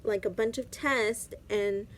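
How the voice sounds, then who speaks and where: A young woman voicing a calm female doctor in a matter-of-fact way while retelling a story. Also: a little high, takes it slowly.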